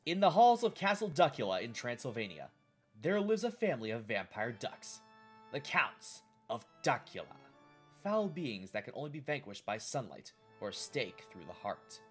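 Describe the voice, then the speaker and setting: A man hosting a scripted retrospective on old children's TV. His narration is wry and playful, with a lively, varied pitch. Faint music runs underneath. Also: moderate pace. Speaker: host of a retrospective show.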